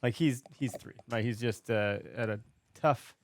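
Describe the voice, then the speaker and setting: Guy co-hosting a podcast in studio, animated storyteller, dry close sound. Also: medium pitch, a little slow, dry recording. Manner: animated storyteller, acts out voices. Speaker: podcast co-host. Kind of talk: casual chat.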